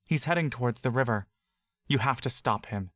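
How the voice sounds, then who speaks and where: Man narrating a fantasy audiobook, middle-pitched, calm and steady, dry close mic. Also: brisk, dry recording. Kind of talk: second-person fantasy story narration.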